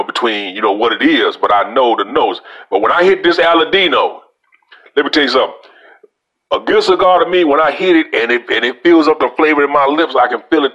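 Louisiana man, folksy cigar reviewer, mid-pitched voice, chatty vlog delivery. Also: a bit bright, highs cut off. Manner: folksy, talks straight to viewers as y'all.

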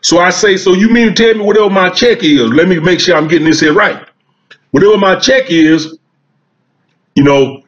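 A man's voice: on the high side, a bit bright. A man telling a long, folksy comic story and acting out the dialogue. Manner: folksy, drawling Southern storytelling with quoted dialogue. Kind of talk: storytelling stand-up monologue. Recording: dull, muffled sound.

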